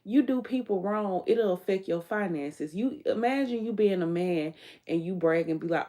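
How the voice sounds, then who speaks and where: This livestream host speaks in a fairly low, mellow voice, animated but at a moderate pace. Candid and profane, she hammers her points home bluntly, frequently repeating what she said to others.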